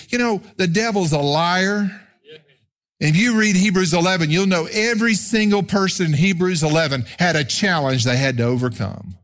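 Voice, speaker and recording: A middle-aged man preaching a live sermon as pastor, animated, with swings from loud to quiet. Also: high voice, moderate pace. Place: church sanctuary.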